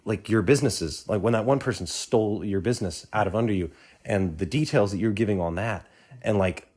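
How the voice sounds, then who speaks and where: A man's voice: fairly low pitch, a little fast, a little mellow, slightly rough. A man in the audience speaking earnestly and at length, rambling with many restarts and fillers. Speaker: audience member. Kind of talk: earnest spoken testimony.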